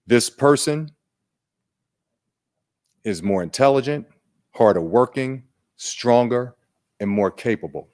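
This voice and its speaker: A man presenting at an online training day, unhurried and conversational, putting questions to his audience. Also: mid-range voice, lively intonation, darkish tone.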